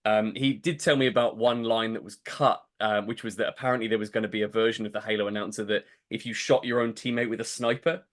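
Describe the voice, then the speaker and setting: A man's voice: on the low side, steady tone, fast, hardly any pauses, a bit bright. A man hosting an interview podcast, asking long, meandering questions and laughing along with his guest. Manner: thoughtful, rambling questions with fillers and restarts, laughs along. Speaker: podcast host. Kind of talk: casual interview chat.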